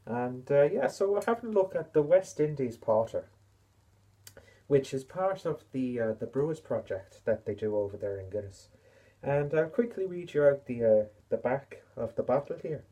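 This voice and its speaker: Husky man in a put-on Irish accent. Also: medium pitch, expressive, moderate pace, warm tone. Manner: chatty, rambling, self-mocking. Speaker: beer reviewer. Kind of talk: casual beer review vlog.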